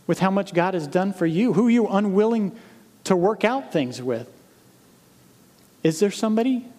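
A man preaching as a pastor, speaking earnestly to his congregation and reading scripture slowly with emphasis. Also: high voice, very animated, a little mellow. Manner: earnest, direct appeals to the congregation. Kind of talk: sermon. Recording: long hall reverb.

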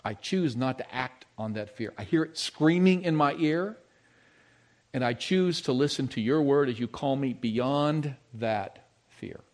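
Expressive male pastor preaching a sermon. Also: mid-range voice, unhurried. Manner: expressive preaching, swinging between loud emphasis and hushed, intimate tones; storytelling with personal anecdotes.

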